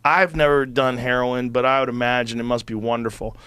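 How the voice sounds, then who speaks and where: A man's voice: medium pitch, a little fast, smooth, no echo. Middle-aged man telling a profane story. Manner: animated, profane, acts out quotes. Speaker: podcast host. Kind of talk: casual storytelling conversation.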